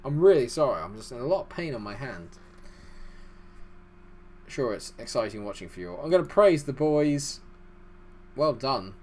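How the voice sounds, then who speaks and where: A man with a voice of ordinary pitch talks quickly and excitedly as he commentates on a football management game. His delivery is chatty and self-deprecating, with a faint hum of noise behind him. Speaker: gaming YouTuber.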